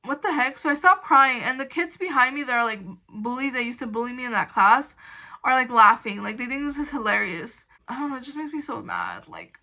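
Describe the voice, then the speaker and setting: A young woman with a high, bright voice tells a personal story to the camera. She rambles casually, stacking "like" and restarting her sentences, with an indignant edge. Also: sing-song, brisk, low-quality recording. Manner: indignant when recounting. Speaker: storytime vlogger.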